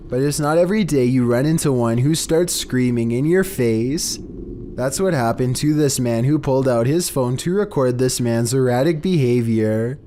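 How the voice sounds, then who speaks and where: A man narrating scary internet videos in a flat, monotone, scripted delivery. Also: medium pitch, slight background noise. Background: faint background music.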